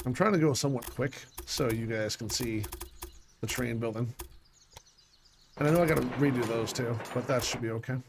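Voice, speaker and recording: A man of average pitch narrating his own gameplay, thinking aloud and talking himself through each choice. He sounds scattered and annoyed, with mild swearing, over a faint background hiss. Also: brisk, long pauses. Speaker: let's play gamer. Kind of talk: casual gameplay commentary.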